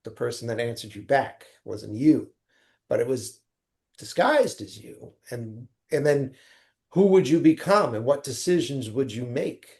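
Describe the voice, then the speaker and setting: A man's voice: mid-range voice, animated, a little slow, darkish tone. A man from the United States, a filmmaker guest on a podcast, thinking aloud in casual conversation and building ideas through rhetorical questions.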